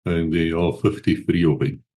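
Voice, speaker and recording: Low, mellow-voiced man chatting. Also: moderate pace. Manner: rambling, relaxed, with hesitant fillers. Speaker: channel host. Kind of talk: casual chat to camera. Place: at home with a pet cat.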